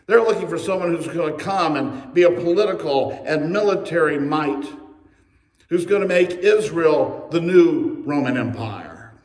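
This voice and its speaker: A man's voice: fairly high pitch, expressive, a little slow, darkish tone. A man preaching a sermon as pastor, telling the story with humorous asides and acting out the quotes. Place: church sanctuary. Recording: echoey church recorded from a distance.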